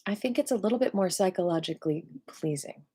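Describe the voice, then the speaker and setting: A woman teaching a live-streamed qigong class, upbeat and playful, who slows into soft guided cues for breathing. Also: on the low side, slightly rough. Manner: upbeat and playful, breaks into squeals of excitement.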